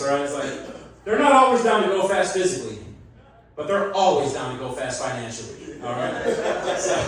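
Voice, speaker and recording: Heard distantly in a roomy club, a slightly high-voiced male comedian performs stand-up on stage. He chats, pokes fun at himself and laughs at his own jokes as the crowd responds with laughter and call-backs.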